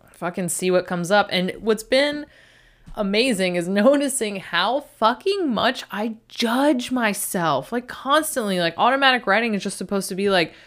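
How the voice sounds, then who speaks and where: A woman's voice: on the low side, a bit bright. A young adult woman in a rambling, self-mocking casual monologue who swears often.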